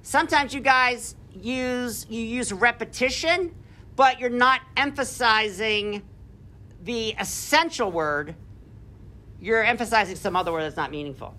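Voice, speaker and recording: A man's voice: extremely high pitch, a little slow, pushed and bright. A male English teacher giving a classroom lecture, enthusiastically reading a text aloud and breaking off to comment to his students. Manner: addresses students directly with frequent "right?".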